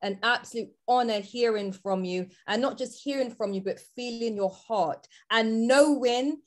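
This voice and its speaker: A woman's voice: on the high side, normal speed. A woman on a live video call panel, speaking earnestly and articulately in praise of the guests. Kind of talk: heartfelt live discussion.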